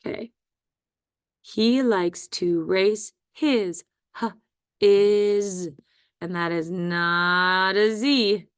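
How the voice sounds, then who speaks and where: A woman teaching a phonics dictation lesson, sounding out words slowly and deliberately. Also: mid-range voice, smooth, no echo, studio quality.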